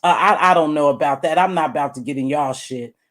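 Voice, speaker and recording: Brief: middle-aged woman vlogger, blunt and animated, voice jumps high and loud to press a point, drops "baby" and curse words. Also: quick pace. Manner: calls the listener "baby", curses freely. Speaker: YouTube commentator. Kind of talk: direct-address commentary vlog.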